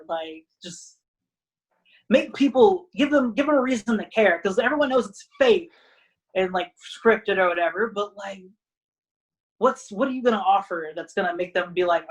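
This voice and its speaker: A woman wrestler talking as a podcast guest in a casual, rambling way, full of "like" fillers, who acts out other people's lines in animated voices. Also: medium pitch, normal speed, rough recording.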